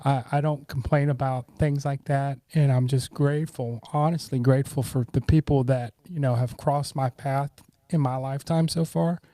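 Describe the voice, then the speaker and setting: A middle-aged man, a podcast guest, telling relaxed personal stories and acting out what friends said. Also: medium pitch, normal speed, few pauses, no room sound. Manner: relaxed, warm, acts out quoted friends. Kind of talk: casual storytelling.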